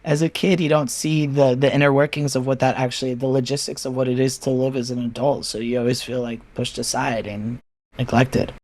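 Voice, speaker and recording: A man's voice: mid-range voice, flat delivery, fairly quick, darkish tone, no echo. A man talking candidly as a podcast guest, frank and casual with swearing, acting out his friends' replies as he tells stories. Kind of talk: candid personal conversation.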